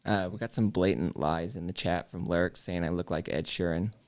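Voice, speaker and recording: A man with a deep, gravelly voice co-hosts a live stream. He tells casual stories full of jokes and swears freely, as if talking with friends. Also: moderate pace, darkish tone. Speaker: co-host of a live stream show. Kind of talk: casual chat.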